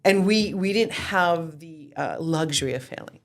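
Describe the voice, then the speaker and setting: Swearing freely, a real estate team founder in her forties recounts her story with candor and energy as the guest of an interview. Her voice sits low and moves at a normal speed.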